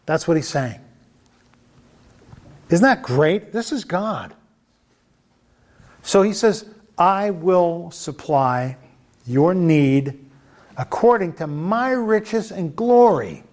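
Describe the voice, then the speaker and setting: Emphatic male preacher with a higher voice. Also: expressive, slow pace, pauses often, a little mellow. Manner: emphatic, repeats phrases and asks the audience questions. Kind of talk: sermon.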